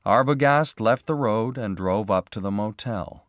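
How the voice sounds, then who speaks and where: A man slowly and clearly reading a graded story for English learners, with expressive delivery. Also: on the low side, no room sound, studio quality. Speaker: narrator.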